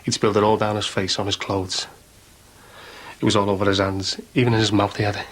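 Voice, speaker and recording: Brief: a man as a reformed tearaway, deep and husky, quick, blunt. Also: level tone, close to an everyday voice. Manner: blunt, rueful storytelling. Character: reformed young Liverpool tearaway, sober, earnest. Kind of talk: 1990s TV soap acting.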